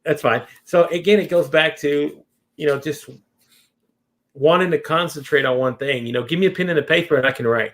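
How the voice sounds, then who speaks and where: A man's voice: fairly high pitch, fairly quick, fairly bright tone. Rambling male interview host. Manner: rambling, many restarts and fillers. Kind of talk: casual interview chat.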